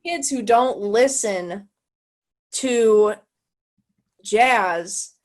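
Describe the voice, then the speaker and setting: A young American woman talking on a video call, thinking aloud and hunting for the right words. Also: fairly high pitch. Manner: searching for words, halting and thoughtful. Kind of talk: casual video call chat.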